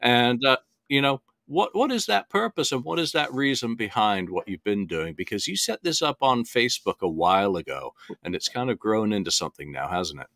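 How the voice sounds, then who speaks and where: A man hosting a podcast interview, steering his guest along with prompting questions. His voice is bright and lively, swinging up and down in pitch. The sound is dry, with no room echo. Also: fairly quick, vocal fry. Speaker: podcast host. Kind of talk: casual interview chat.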